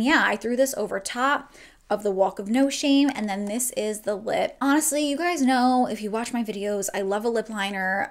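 A woman's voice: medium pitch, vocal fry. A young woman from New Jersey chatting casually through a makeup tutorial at home, gushing and swearing casually. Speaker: beauty vlogger. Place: at home, indoors.

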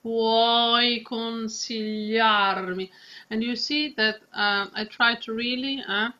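Lady voice coach, slow, kinda high, muffled lo-fi sound. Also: pushed and bright. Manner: demonstrates lines slowly, drawn-out Italian vowels. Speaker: vocal coach. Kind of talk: singing lesson.

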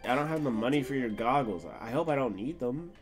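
A man streaming a video game live, reacting loudly and crudely and talking back to the characters on screen. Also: medium pitch, expressive, brisk, over music. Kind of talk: live gameplay commentary.

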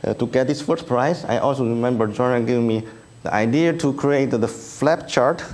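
With a mid-range voice and a darkish tone, a Chinese-accented man whose native language is Chinese walks through slides at an engineering research review in a conference room. He speaks haltingly, filling gaps with ums and uhs, and pokes gentle fun at himself.

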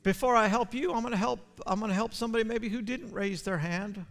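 A male pastor preaching a sermon, repeating his words and building to loud, fervent passages. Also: sits high, quick pace. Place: church sanctuary. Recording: long church hall reverb.

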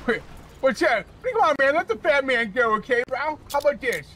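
Cocky, bright-voiced man saying "bro". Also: extremely high pitch, very animated, normal speed, slight background noise. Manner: cocky, boastful, ends lines with "bro". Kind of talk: improvised game role-play.

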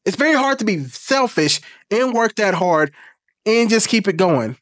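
A man talks straight to camera in a blunt, earnest way, with plenty of swearing and emphatic peaks. His voice sits a bit higher than most men's. The sound is dry and close, with no room echo. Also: big pitch swings, a little slow. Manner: emphatic, rising to forceful peaks. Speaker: YouTube commentator. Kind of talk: reaction commentary.

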